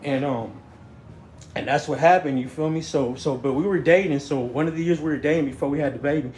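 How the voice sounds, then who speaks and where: A man's voice: on the high side, brisk, a little mellow. Bay dude in his 30s rambling thru a story, keeps stuttering and restarting, roomy echo. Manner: rambling, stammering restarts, constant "you know what I'm saying". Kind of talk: casual storytelling. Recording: echoey room, faint noise.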